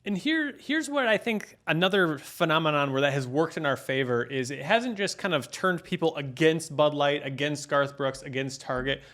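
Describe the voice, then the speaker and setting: Guy with a higher voice on a podcast, earnest, reads quotes out. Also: a bit bright. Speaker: podcast co-host. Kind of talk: casual podcast chat.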